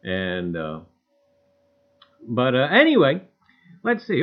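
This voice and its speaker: A man's voice: medium pitch, wildly swooping pitch, measured pace, long pauses. A middle-aged man hosting a casual livestream, greeting viewers by name in a folksy, rambling way and often saying "I tell you what". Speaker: livestream host. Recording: tinny phone-like audio.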